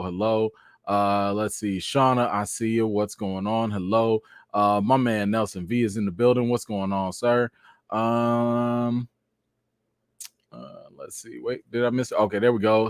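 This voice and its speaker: A man hosting a casual live stream, giving quick shout-outs to viewers and rising into high, exasperated rants. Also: no room sound, studio quality. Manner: rises into high, exasperated ranting.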